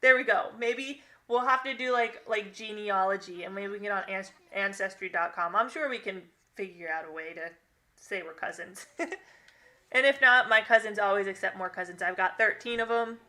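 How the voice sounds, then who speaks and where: A woman's voice: mid-range voice, moderate pace, bright, forceful tone. A young woman streaming a game, chatting casually with viewers and reading their comments, rambling and laughing often. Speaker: gaming live-streamer.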